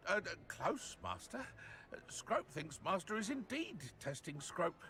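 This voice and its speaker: A man's voice: sits high, big pitch swings, measured pace, sharp tone, full character voice. An actor playing a timid, fawning male house-elf servant in a video game, stammering and speaking of himself in the third person. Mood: nervous.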